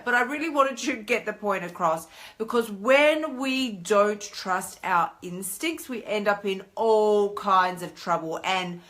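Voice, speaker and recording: An Australian woman in her thirties talking casually on a live stream as a coach, chatty and animated, acting out inner voices. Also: mid-range voice. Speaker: weight-loss coach hosting a live stream.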